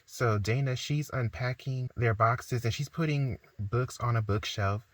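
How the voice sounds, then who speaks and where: A man's voice: medium pitch, no room sound. A man retelling a novel's chapters in a casual, conversational way, voicing the characters' lines in quotes as he goes. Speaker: book reviewer. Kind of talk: casual book recap and commentary.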